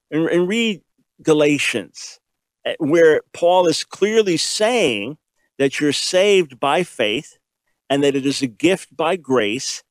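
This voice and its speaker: A man preaching a sermon, emphatic and repetitive, asking rhetorical questions and shifting between quick and slow delivery. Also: mid-range voice, dry recording. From grew up in a Jewish home. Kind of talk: sermon teaching.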